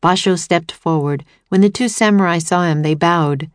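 A woman narrating a storybook aloud in a steady, clear way. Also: lowish voice, moderate pace, no echo, studio quality.

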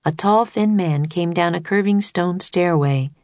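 A woman narrating a children's storybook in a steady, clear reading voice. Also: fairly low pitch, a little slow, no room sound.

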